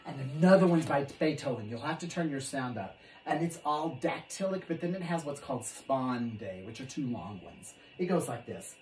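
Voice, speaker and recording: A woman teacher giving a lesson on rhythms, chanting and singing the patterns in drawn-out repetitions. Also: very deep voice, expressive, a little mellow, roomy sound, soft background music. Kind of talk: sing-song classroom lesson.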